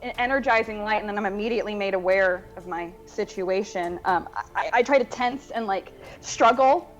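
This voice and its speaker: A woman playing a tabletop game, speaking in a hesitant, halting way. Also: mid-range voice, dull audio, faint music behind. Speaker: player. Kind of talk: tabletop role-play.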